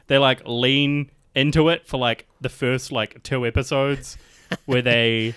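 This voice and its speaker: Bright-voiced young man, rambling chat. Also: mid-range voice, unhurried, clear, resonant tone, no echo, clean studio sound. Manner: rambling, many "like" fillers, laughs often. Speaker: podcast co-host. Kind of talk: casual chat.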